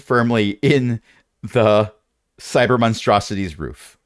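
A man's voice: lowish voice, lively intonation, takes it slowly, long pauses, no room sound, studio quality. A man narrating as game master in a tabletop game, wry and rambling with playful jokes.

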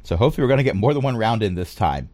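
A man narrating a tabletop game as game master, pausing often with fillers. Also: fairly low pitch, lively intonation, darkish tone. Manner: hesitant, with many fillers.

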